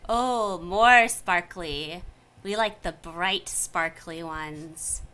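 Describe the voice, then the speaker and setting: A crazed little goblin creature that mutters to itself, repeating words and wheedling for sparkly trinkets, as a woman puts it on. Its voice sits a little lower than ordinary talk and has a slow, drawn-out lilt. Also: sharp tone, clean tone, exaggerated voice. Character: mad muttering twisted goblin creature, male.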